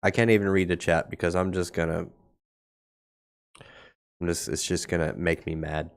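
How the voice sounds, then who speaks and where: A man's voice: deep voice, steady tone, normal speed, creaky. A man hosting a casual crypto market livestream, talking blunt and sarcastic over charts, with a cough that keeps breaking in. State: coughing now and then. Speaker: crypto market show host.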